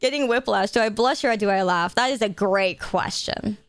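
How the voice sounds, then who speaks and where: A woman's voice: mid-range voice, normal speed, no room sound. A young woman streamer chatting casually with her audience on a live stream, playful and jokey, swearing freely.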